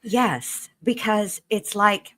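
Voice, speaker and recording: A woman's voice: mid-range voice, very slow, fairly bright tone. A woman co-hosting a casual true crime chat, talking bluntly and swearing as she gets heated. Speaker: true crime podcast co-host. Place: home studio, livestream.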